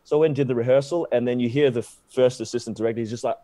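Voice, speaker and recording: A young man with an Australian accent tells a story with lively, laughing energy. He sits at a middle pitch, and his voice sounds close and dry. He acts out the people in his anecdote as he goes. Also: rapid-fire, no echo. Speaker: guest actor. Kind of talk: casual storytelling.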